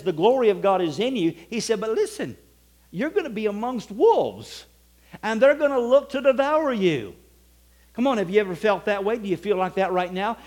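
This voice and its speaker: Pastor guy preaching, high voice, super animated, big loud bursts then quiet bits. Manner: preaching with dramatic swings between loud exclamations and hushed asides. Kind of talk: sermon.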